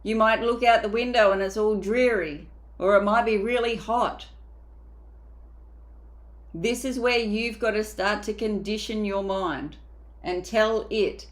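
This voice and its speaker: A woman's voice: medium pitch, unhurried. A woman mindset coach giving a motivational coaching talk, emphatic and casual, sometimes acting out inner voices.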